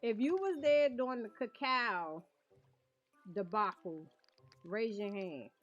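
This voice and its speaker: A woman's voice: mid-range voice, takes it slowly, faint music behind. A woman streaming a cozy game, chatting and often laughing as she talks to her viewers. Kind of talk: casual game stream chat. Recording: dull lo-fi stream audio.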